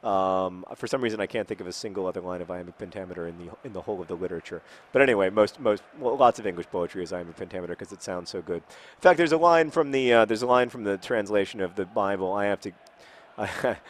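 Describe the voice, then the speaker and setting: Male host, 30s, lower voice, rambling self-mocking gameplay chatter with frustrated bursts. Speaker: host playing a football video game. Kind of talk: casual chat while playing a video game.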